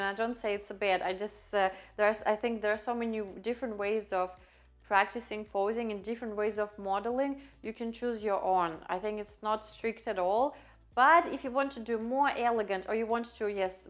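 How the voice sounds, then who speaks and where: Woman coaching poses. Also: on the high side. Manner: friendly, demonstrating poses, with frequent fillers and laughs. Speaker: pole posing instructor. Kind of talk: casual instructional video.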